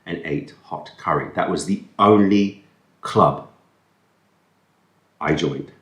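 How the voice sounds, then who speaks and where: A man with a deep, low voice rambles on in a relaxed, self-mocking way, stumbling over words as he eats. He is recorded on a camera-mounted mic in an echoey room. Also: slow. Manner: rambling, self-deprecating, talks with food in mouth. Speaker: food vlogger. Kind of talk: casual chat while eating. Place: indoors at a table, eating.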